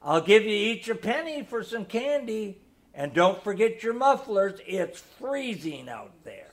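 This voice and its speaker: A man reading the part of a fussy, earnest middle-aged mother with a gentle, coaxing manner. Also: high voice, sing-song, measured pace.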